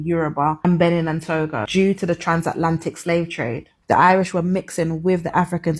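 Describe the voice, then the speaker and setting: A woman reading scripted commentary in a measured, earnest and informative way. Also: lowish voice, slightly rough.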